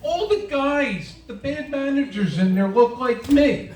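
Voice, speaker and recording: His pitch is extremely high and his delivery expressive though a little slow as this man in his sixties works through a self-mocking comedy routine at a winery. It's recorded by a tripod-mounted camera at the back of an echoey room, with audience noise throughout.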